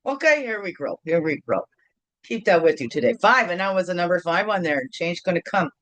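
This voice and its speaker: A woman's voice: fairly low pitch, animated, a little fast, no echo. A middle-aged woman hosting a casual morning video chat from home, playful and rambling, with sing-song bits. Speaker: host.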